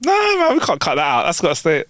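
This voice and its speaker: A man's voice: fairly high pitch, fast, dry recording, studio quality. A man hosting a podcast, chatting casually, laughing often as he tells his stories. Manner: laughs often, animated storytelling. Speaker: podcast host. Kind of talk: casual chat.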